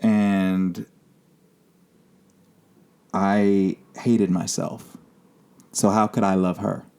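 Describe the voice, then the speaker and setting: A man's voice: low voice, level tone, drawn-out words, a little mellow, clean tone. A man of thirty, a podcast host, telling his own story in a candid, rambling way with many fillers. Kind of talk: personal storytelling monologue.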